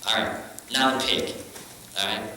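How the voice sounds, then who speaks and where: A man's voice: fairly low pitch, steady tone, moderate pace, sharp tone, a little hiss or hum. A man preaching a conversational, joking sermon in a church, recorded from a distance in an echoey hall. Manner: conversational, joking, acts out quotes. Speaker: pastor.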